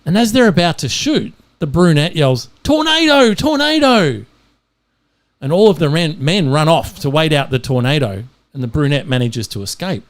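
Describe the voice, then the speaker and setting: A man's voice: on the high side, expressive, fairly quick, hardly any pauses. A man hosting a podcast, telling jokes animatedly and acting out the characters. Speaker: podcast host. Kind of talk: casual podcast joke telling.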